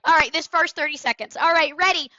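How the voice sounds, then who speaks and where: A woman sales coach giving an energetic, emphatic training talk on sales calls, with role-play, on a headset. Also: sits high, fast, dry recording, highs cut off.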